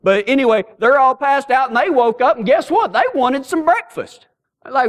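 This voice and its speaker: Here a middle-aged male pastor tells folksy, humorous stories as the substance of his sermon. He's animated and good-humored, with a very high-pitched voice at an ordinary speed.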